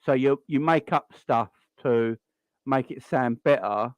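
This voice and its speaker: A man's voice: medium pitch, unhurried, dry recording. A man with a South London accent hosting a football call-in stream, talking in a blunt, opinionated way and repeating his points. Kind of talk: casual live-stream commentary.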